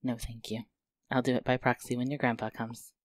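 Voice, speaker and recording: A man's voice: medium pitch, level tone, fairly quick, no room sound, close to an everyday voice. A man voicing a fiery, tender-hearted young woman in a storybook reading, speaking emotionally. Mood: flustered. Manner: emotional, pleading then joyful.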